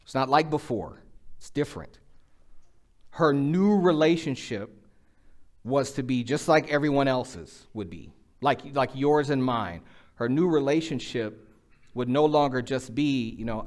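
A middle-aged man preaching a sermon in a conversational way, acting out quoted lines with a rising voice. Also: mid-range voice. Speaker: pastor.

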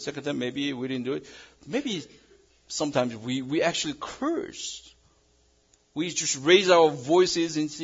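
A male pastor preaching a sermon in English that is not his first language, swinging between loud emphasis and a quiet hush. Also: fairly high pitch, a little slow, slightly rough, lo-fi sound. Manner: non-native English phrasing.

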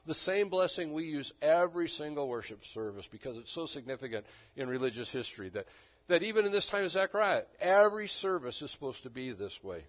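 A man preaching a sermon, animated and emphatic, with touches of dry humor. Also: fairly high pitch, fairly quick. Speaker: pastor. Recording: dull lo-fi recording.

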